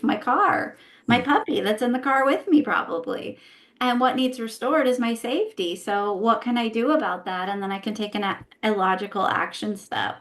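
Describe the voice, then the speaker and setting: A woman who is a guest and former therapist, explaining her views in a casual podcast conversation, posing rhetorical questions to herself. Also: a little high. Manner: explanatory, asks herself rhetorical questions, often tags "right?".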